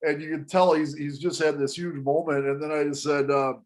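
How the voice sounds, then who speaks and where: A man telling a story to an interviewer in casual panel talk, animated and often restarting his sentences. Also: a little high, brisk. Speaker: guest storyteller.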